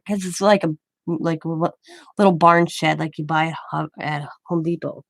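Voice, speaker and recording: A woman's voice: on the low side, little pitch movement, normal speed, gravelly, no echo. An older woman, a grandmother, telling a rambling story in casual chat, with many restarts. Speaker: craft vlogger.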